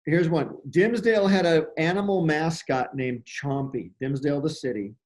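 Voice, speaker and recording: A man's voice: on the high side, normal speed, a little mellow. Playful man quizzing a guest. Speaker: host. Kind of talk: casual chat.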